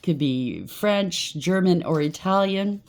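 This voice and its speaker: A woman's voice: fairly low pitch, takes it slowly, darkish tone, slight background noise. A woman giving a rambling, chatty collective tarot reading, preaching and thinking aloud with frequent asides. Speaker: tarot reader.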